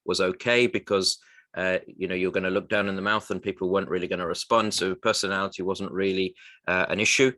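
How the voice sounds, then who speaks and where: Low-voiced man, halting and reflective. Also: bright, forceful tone, no echo. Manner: halting, reflective, restarts often. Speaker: guest, recruitment firm co-founder. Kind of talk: radio interview, personal story.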